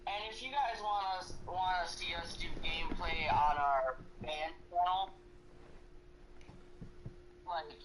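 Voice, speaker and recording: Drowsy young man in an echoey room. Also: fairly high pitch. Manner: drowsy, halting, swears casually. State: tired, just woke up. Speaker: podcast co-host. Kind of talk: casual gaming podcast chat. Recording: echoey room with faint noise.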